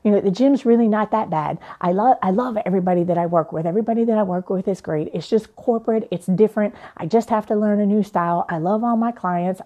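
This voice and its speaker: A young adult woman, a life coach, telling a personal story in an animated, playful way. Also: mid-range voice, lo-fi sound.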